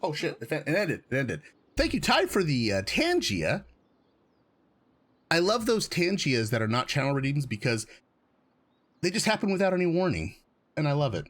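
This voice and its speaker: A man streaming a game, with rambling, excitable, self-deprecating commentary and casual swearing. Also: fairly high pitch. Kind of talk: casual let's play commentary.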